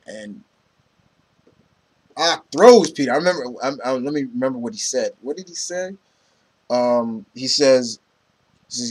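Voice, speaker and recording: This husky, mid-range male voice moves at a normal speed with lively intonation and frequent pauses. He rambles through a casual comic book review, full of "um" and "you know," retelling scenes and quoting characters from the issues.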